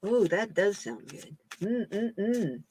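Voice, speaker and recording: A woman's voice: mid-range voice, big pitch swings, drawn-out words, warm tone, a little hiss or hum. A woman hosting a casual live-stream chat as a card reader, folksy and laughing often.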